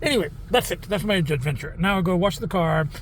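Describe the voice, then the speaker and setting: A man's voice: high voice, fast, a little hiss or hum. A man in a casual vlog telling a rambling story with swearing, talking into a handheld camera near his car on rural roads. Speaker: vlogger.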